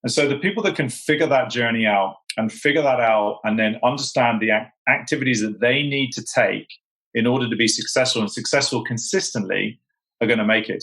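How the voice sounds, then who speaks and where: A man's voice: medium pitch, a bit bright, rough recording. A British man speaking as a sales executive guest in a casual chat, emphatic and full of "you know" fillers. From United Kingdom.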